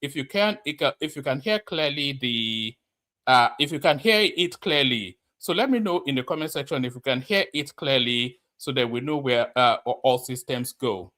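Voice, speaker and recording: A man's voice: mid-range voice, expressive, normal speed, bright, forceful tone. Rambling male livestream host. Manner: rambling, many fillers and restarts. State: slightly out of breath. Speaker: commentator host. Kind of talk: casual livestream commentary.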